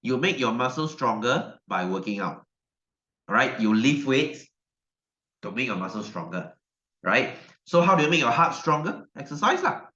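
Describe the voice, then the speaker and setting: A man's voice: medium pitch, lively intonation, normal speed, sharp tone. A male science teacher, giving a chatty online class lecture and repeating his questions to the class. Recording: dull, roomy echo.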